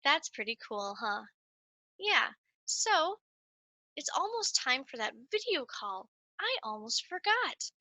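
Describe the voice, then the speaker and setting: A woman giving a lively, sing-song nature lesson to young children while playing a coyote mascot. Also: sits high, normal speed, few pauses, dry recording. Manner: animated, sing-song, speaks straight to children.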